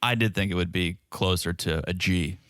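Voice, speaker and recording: A man's voice: deep voice, moderate pace, a bit bright, dry recording. A man co-hosting a podcast in casual chat, wry and teasing with dry jokes. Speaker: podcast co-host. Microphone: podcast microphone.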